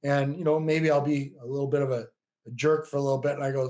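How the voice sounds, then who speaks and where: A man in his fifties, a bodybuilding coach guesting on a podcast, telling stories in a chatty, animated way with lots of "you know" and frequent laughs. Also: medium pitch, fast talker. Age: 50s. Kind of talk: casual interview talk.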